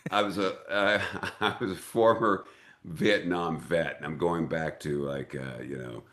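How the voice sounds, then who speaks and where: An older American man, an actor and director, telling lively anecdotes in an interview and acting out the voices in them. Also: low voice, measured pace. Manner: animated storyteller who acts out quoted voices. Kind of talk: casual interview storytelling.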